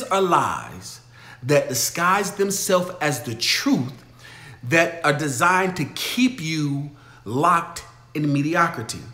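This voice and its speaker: Preachy livestream dude hyping viewers up, kinda high voice, echoey room. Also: male voice, lively intonation, slow pace. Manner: emphatic, preachy, shifts from shouting to low storytelling. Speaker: livestream host answering viewer questions. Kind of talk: motivational livestream talk.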